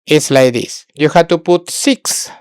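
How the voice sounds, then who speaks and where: A woman gives an online language lesson in a slow, unhurried way, pausing, repeating terms and restating each point in Spanish. Her voice is rather low and very clean, and the recording is close and dry with no room around it. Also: darkish tone, clear, resonant tone, no echo. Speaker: Sanskrit teacher. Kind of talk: online lesson, thinking aloud while working on screen.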